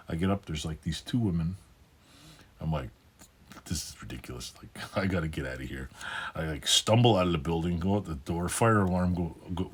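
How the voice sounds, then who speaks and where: A man's voice: low voice, husky. A man in his fifties talking casually in a personal vlog, rambling and swearing, with many fillers and restarts. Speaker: channel host.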